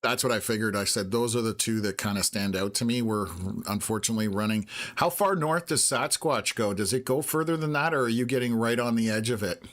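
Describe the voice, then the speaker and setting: A man's voice: mid-range voice, a little fast, hardly any pauses, fairly bright tone. A man in his fifties from Canada, hosting live storm-tracking commentary in a rambling way, full of filler sounds and jumping between topics. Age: 50s. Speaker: weather stream host.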